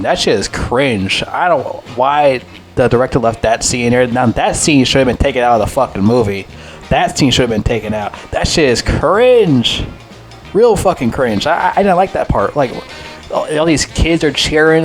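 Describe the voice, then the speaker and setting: A man giving a casual, unscripted movie review, rambling and excitable, swearing freely and leaning on filler words. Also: medium pitch.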